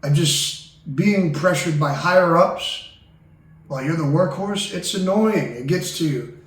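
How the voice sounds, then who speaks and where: A man hosting a comedy talk show, ranting loudly and cursing, then turning sentimental. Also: a little high, measured pace. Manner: loud, excitable, cursing, swings between ranting and sentimental. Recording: echoey room, distant mic.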